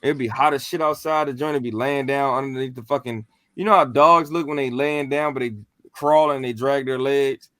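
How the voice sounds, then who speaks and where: Casual male podcast storyteller, slangy and animated, cursing freely, dry close recording. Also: mid-range voice, moderate pace, no echo. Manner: animated, profane, slangy, acts out what he said. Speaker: podcast co-host telling a ghost story.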